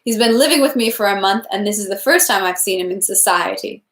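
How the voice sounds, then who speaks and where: A woman reading as a smooth, courtly older prince with polished manners. The reading sits at a middling pitch, and the room gives a lingering echo. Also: fast talker, lightly acted.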